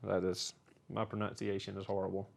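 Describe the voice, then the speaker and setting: A man's voice: low voice, monotone, fairly quick, gravelly, slight background noise. Southern man, folksy rambling mechanic. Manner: folksy, rambling, frequent "uh" fillers. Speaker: car mechanic answering viewer questions. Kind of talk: casual Q&A talk.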